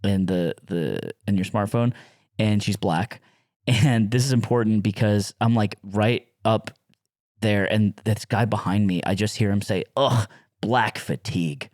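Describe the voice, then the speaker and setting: A man's voice: on the low side, measured pace, no echo, clean studio sound. A young man and podcast co-host telling a story in casual chat, laughing often and acting out what people said. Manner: animated, laughs often, acts out quotes.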